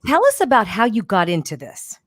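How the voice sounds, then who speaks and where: A woman hosts a casual podcast with bubbly, excitable energy. She rushes through her words eagerly, and her mid-pitched voice sits close to a dry mic. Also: dry recording. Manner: bubbly, excitable, talks fast. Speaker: podcast host.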